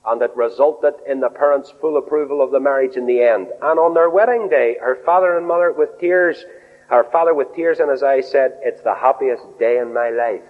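A fairly high-voiced man preaches with animated swings in pitch. He acts out quoted voices and drops in wry asides. The old, muffled recording carries a long hall reverb. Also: fairly quick. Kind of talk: sermon.

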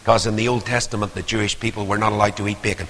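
An older man preaching a sermon, swinging from hushed asides to loud, rising appeals. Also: lowish voice, level tone, very fast. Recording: long hall reverb.

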